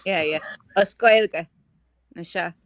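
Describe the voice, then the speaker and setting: A woman's voice: fairly low pitch, unhurried, fairly bright tone, no room sound, studio quality. A woman from County Clare with an Irish accent, chatting and teasing friends in a group voice chat. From Ireland, County Clare. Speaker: voice chat participant.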